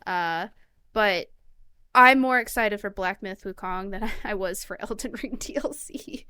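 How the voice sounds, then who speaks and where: A woman's voice: medium pitch, a little slow, sharp tone, smooth, no room sound. A woman co-hosting a casual gaming podcast, ranting with heavy profanity. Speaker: podcast co-host. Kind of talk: casual chat.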